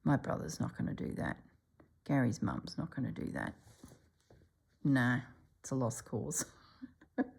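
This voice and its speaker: A middle-aged woman, chatting casually as she stitches for her channel and often dropping to a soft whisper. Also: rumbling low, gravelly, husky. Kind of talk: casual stitching vlog chat.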